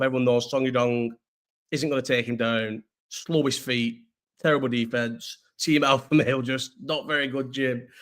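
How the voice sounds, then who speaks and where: A man's voice: mid-range voice, a bit bright. A young man chatting casually on a livestream, rambling, swearing and answering viewers. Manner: rambling, slangy, swears freely, answers chat. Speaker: streamer reacting to chat.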